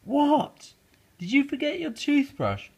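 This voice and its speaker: A man's voice: extremely high pitch, huge pitch swings, slow pace, gravelly, highs cut off, pitched above the performer's own voice, heavily acted. A man voicing a patient mother frog in a storybook read-aloud, calling out fond and firm.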